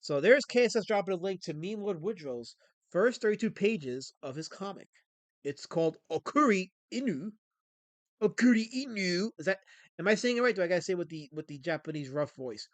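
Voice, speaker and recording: A man from Pennsylvania with a high, expressive voice and a scratchy throat hosts a livestream, talking fairly quickly. He chats casually with viewers, rambling and joking. The recording has no echo.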